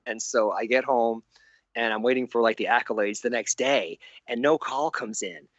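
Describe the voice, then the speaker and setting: A man's voice: mid-range voice, normal speed, dry recording, muffled recording. A man in his sixties, a guest animator in an interview. He tells his stories animatedly, laughs often and acts out the voices he quotes. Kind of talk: anecdotal storytelling in an interview.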